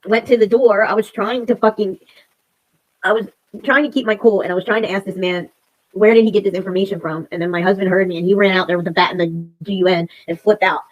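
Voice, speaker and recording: A woman's voice: medium pitch, steady tone, fast, lo-fi sound. A woman in her forties hosting a livestream, ranting in a casual, rambling, profane way. She is upset and emotional, and she repeats herself. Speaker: livestream host.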